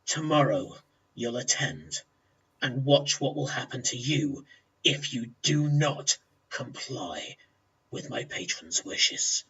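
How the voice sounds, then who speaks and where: A man voicing a menacing, heavily tusked male orc brute who makes slow, low threats. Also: animated, sharp tone, breathy edge, muffled recording, full character voice. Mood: menacing hiss. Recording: voice a bit far from mic.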